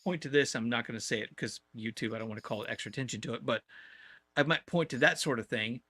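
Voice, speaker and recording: A man chatting on a podcast panel, telling animated stories with stammering restarts. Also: mid-range voice, fast, husky, dry recording. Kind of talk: casual chat.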